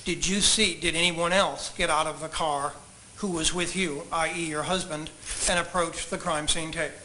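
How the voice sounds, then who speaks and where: A man examining a witness in a courtroom, asking measured, polite, leading questions. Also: on the high side, steady tone, bright, forceful tone, slight background noise, low-quality recording. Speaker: trial attorney questioning a witness.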